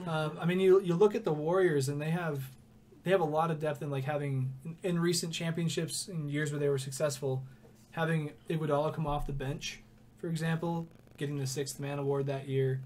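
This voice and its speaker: A man's voice: fairly high pitch, steady tone, fairly quick, a little mellow, slight background noise. Rambling young man, sports podcast co-host. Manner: rambling, laughs often. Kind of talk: casual sports chat.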